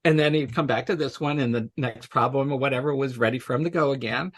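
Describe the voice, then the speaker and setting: Fast and mid-range, this man's voice belongs to a guest from special education technology. He's relaxed in the interview, sharing work stories with lots of chatter and frequent laughs.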